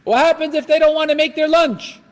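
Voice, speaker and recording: Delivering a religious lecture at a brisk pace, a man with a strikingly high voice animates his talk by acting out everyday scenes. The recording is echoey, his voice ringing with the long reverb of a large hall.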